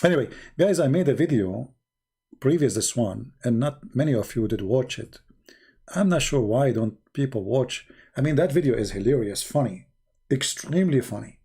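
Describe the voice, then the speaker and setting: Sarcastic man with dark voice. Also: medium pitch, expressive, normal speed, slightly rough. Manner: sarcastic, non-native grammar, shifts between loud and quiet. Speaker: online commentator. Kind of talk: mocking commentary.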